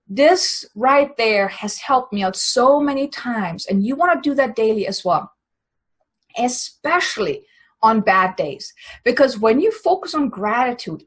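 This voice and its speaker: A woman's voice: a little high, fairly bright tone. A woman coach giving motivational business advice in an earnest, emphatic, encouraging way. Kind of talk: motivational advice talk to camera.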